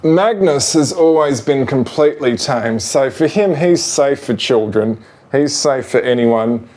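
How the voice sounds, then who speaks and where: A man explains, in a casual how-to, how he trains his ferrets. His voice is mid-pitched and gentle, coaxing the animals along patiently. He rambles a bit, leaning on fillers as he goes. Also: animated, a little slow. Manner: rambling with fillers like "you know" and "sort of". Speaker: ferret owner demonstrating training.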